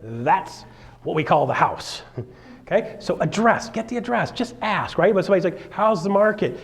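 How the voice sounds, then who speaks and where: A man's voice: sits high, expressive, brisk. A middle-aged man coaching a live seminar, joking and acting out the voices of clients as he goes. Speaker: real estate coach.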